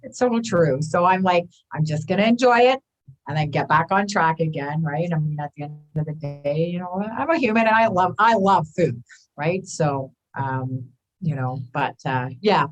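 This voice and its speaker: A woman in her fifties, a wellness coach talking as a guest, animated and often acting out the voices in her head. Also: low voice, moderate pace, faint music behind, rough recording. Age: 50s. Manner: animated, acts out inner voices, often adds "right?". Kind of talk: casual conversational interview.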